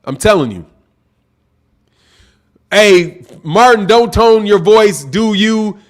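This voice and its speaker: Loud excitable high-voiced man projecting hard. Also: slow pace. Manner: loud, projecting, excitable, says bro a lot; reads super chats aloud. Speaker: boxing channel host. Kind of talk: live-stream boxing talk. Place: home live stream, sipping drinks.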